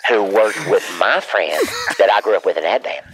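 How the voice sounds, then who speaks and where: A man's voice: fairly low pitch, normal speed, natural voice. A man voicing a rambling, doting elderly aunt, calling in on a speakerphone. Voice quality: meandering, gossipy, loses the thread. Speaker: caller. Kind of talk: comedic phone-call character bit. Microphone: phone on speaker. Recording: speakerphone call with background noise.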